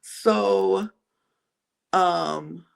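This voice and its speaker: A man's voice: high-pitched, very slow, creaky, clear, resonant tone. A man co-hosting a podcast in a casual chat, retelling events with lots of "like" and "you know". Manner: animated retelling, acting out other people's lines; frequent fillers like "like" and "you know". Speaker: podcast co-host recapping a reality show.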